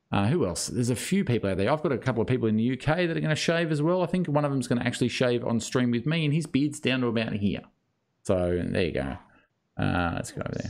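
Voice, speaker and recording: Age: adult. Sex: man. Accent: Australian. Pitch: medium. Style: relaxed streaming podcast host. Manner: blokey, swears casually, talks over others. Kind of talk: casual chat.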